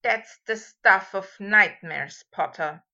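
A woman reading a fan story aloud, voicing a stiff, prim young man who speaks flatly, on a dull lo-fi recording. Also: medium pitch, slow, heavily acted. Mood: scornful. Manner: flat, stiff delivery.

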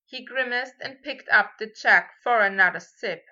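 A woman narrating a story in a measured, steady reading voice, on a dull lo-fi recording. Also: on the high side. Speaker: audiobook reader.

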